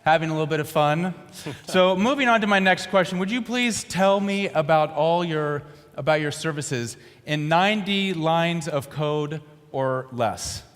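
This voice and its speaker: A man's voice: fairly high pitch, unhurried, fairly bright tone. A man hosting a mock game show on a conference stage in a theatrical, teasing manner. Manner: theatrical, teasing, sprinkles in foreign greetings. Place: conference stage in a large hall. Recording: long reverb of a large hall.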